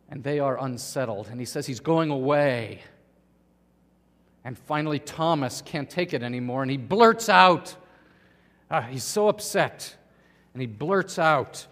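A male pastor delivering a sermon with animated storytelling, speaking to the children and the congregation. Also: a little high, unhurried, long reverb tail.

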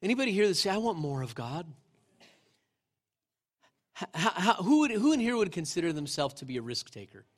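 Male pastor, middle-aged, conversational sermon delivery, lively scripture storyteller, a touch high-pitched. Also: very fast, few pauses. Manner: conversational, asks the congregation questions. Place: church sanctuary.

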